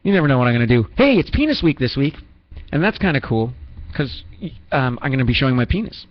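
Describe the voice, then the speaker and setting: A man's voice: medium pitch, sing-song, fast, muffled recording. A man hosting a radio show in a rambling, self-mocking comedic manner, full of restarts and asides. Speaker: radio host.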